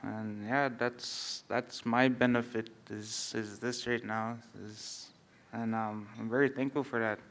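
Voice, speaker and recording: A man on a panel who grew up on a reserve, speaking hesitantly and reflectively with many pauses. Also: medium pitch, little pitch movement, noisy background. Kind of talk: panel discussion.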